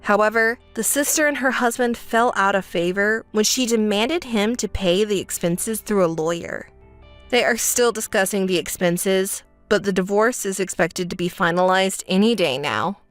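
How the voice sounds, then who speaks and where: A woman's voice: mid-range voice, normal speed, soft background music. A young woman narrating a dramatized texting story in a cold, firm manner.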